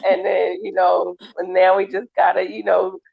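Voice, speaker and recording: A woman hosting an interview, relaxed and chatty, laughing often as she asks questions. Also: fairly low pitch, moderate pace, creaky, husky. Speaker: interview host. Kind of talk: casual interview chat. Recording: dull lo-fi sound.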